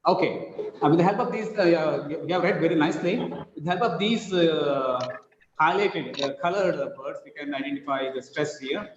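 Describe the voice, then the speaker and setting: A man with an Indian English accent teaching an online English class, drilling words slowly and with emphasis. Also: fairly high pitch, a little hiss or hum. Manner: slow, emphatic word-by-word drilling. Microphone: video call. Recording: roomy, dull online class audio.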